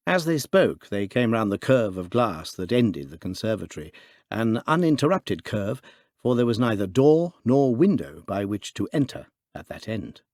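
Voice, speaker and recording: A male narrator reading a classic detective story aloud, expressive and theatrical. His pitch ranges widely across lines, and the recording is dry and close-miked. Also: normal speed, no room sound. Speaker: audiobook narrator. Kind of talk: scripted narration of a classic mystery.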